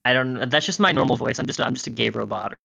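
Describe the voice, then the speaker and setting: A man's voice: medium pitch, fast, creaky, bright, forceful tone, no echo. A young man calling in to a live show from his phone while driving, rambling, crude and opinionated. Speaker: caller. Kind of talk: casual call-in chat. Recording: dull glitchy call line.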